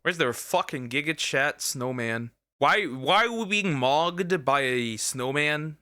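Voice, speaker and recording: A man's voice: a little high, expressive, slow, bright, forceful tone, faint music behind. A man casually reacting to a video, rambling and joking with internet slang.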